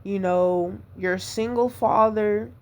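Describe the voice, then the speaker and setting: Slow-talking hurt woman venting. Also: mid-range voice, steady tone, a little mellow. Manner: hurt, rambling, repeats herself. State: upset, devastated. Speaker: podcast host. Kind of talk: personal venting monologue.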